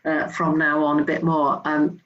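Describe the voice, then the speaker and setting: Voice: mid-range voice, completely flat delivery, normal speed, fairly bright tone, dull audio. An interviewer who encourages the guest and reflects on what was said.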